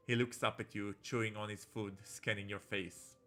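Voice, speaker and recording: A man's voice: on the low side, little pitch movement, moderate pace, few pauses, pushed and bright. A man streaming a visual novel. He reads the game text aloud and jokes around in a playful, campy way. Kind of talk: casual gameplay commentary, reading game text aloud. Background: faint game music.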